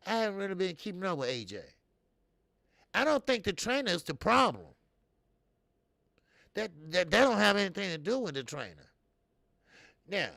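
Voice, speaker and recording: A man's voice: a little high, creaky, fairly bright tone, dry recording. A man hosting a boxing talk show, rambling and swearing freely while he answers viewer comments. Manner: loose, profane and rambling, with many fillers. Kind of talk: casual live-stream commentary.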